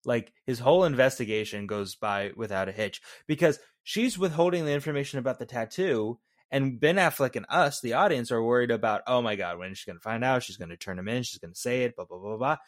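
A man's voice: medium pitch, lively intonation, fast talker, hardly any pauses. A man co-hosting a film review podcast, talking loosely and casually with some swearing. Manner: loose, profane, conversational. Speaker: podcast co-host.

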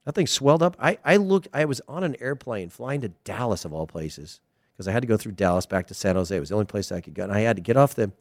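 A man's voice: lowish voice, big pitch swings, fast, no echo, clean studio sound. A middle-aged American man, a former player, giving a digressive, emphatic casual commentary monologue. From United States.

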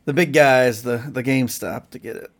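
A man's voice: mid-range voice, normal speed. A man co-hosting a podcast, chatting in a laid-back way. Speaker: podcast co-host. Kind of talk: casual chat.

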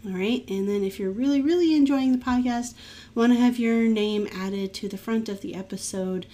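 A woman's voice: medium pitch, warm tone, slight background noise. A woman hosting a maker podcast, chatting casually and laughing easily, then reading out her sign-off plugs. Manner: upbeat, laughs often, brisk sign-off plugs. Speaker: podcast host. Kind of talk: casual podcast chat and outro.

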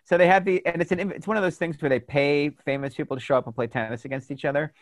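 A man's voice: on the high side, quick pace, no echo. A man co-hosting a podcast, telling an anecdote in casual chat and acting out the quotes with laughs. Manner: animated storyteller, acts out quotes with laughs. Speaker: podcast co-host.

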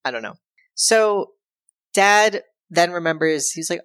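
A woman with a notably low voice retells a movie plot for a podcast, loose and irreverent, slipping into quick voices for the characters. The sound is close and dry, with no room around it. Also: no room sound. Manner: animated, acts out characters' lines in quick put-on voices; loose and irreverent, with frequent fillers and profanity. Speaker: podcast co-host. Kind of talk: casual film recap.

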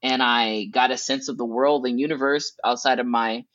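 A woman from Southern California, a guest in an interview, telling stories in a casual way. She acts out her own past thoughts with big jumps in pitch, swears lightly and laughs between thoughts. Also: fairly even intonation, normal speed, a bit bright, no room sound. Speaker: guest, educational consultant. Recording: dull, dry sound.

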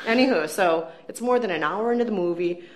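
A woman's voice: medium pitch, brisk. Wry sarcastic woman film critic. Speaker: podcast co-host, film critic. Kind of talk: casual movie review chat. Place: empty office room.

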